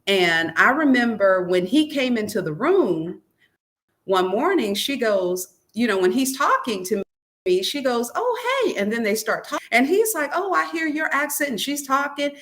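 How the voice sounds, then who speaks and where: A woman's voice: fairly high pitch, expressive, normal speed, a bit bright. A woman being interviewed about her book, telling a personal story and often quoting what others said to her. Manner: recounts events by quoting others, "he said" asides; earnest, searching, many restarts and "um"s. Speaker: author and guest.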